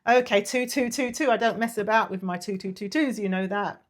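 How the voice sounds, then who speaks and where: A woman giving a casual tarot reading, chatty and apologetic, drifting into soft murmurs and breathy sighs. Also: mid-range voice, steady tone, a little fast. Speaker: tarot reader.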